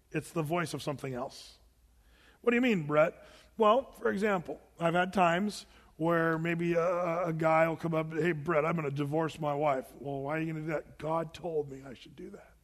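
A male pastor with a fairly high voice delivers a sermon in a casual, talky way. He often slips into imagined back-and-forth with his listeners. His voice carries a long, lingering hall reverb. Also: a bit bright. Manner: conversational, acting out imagined dialogues with listeners.

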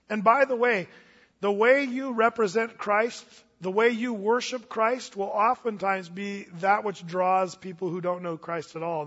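A man's voice: high voice, a bit bright. A male pastor giving a sermon to his church in a casual, folksy way, with asides and restarts. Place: church hall. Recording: dull audio with long reverb in a church hall.

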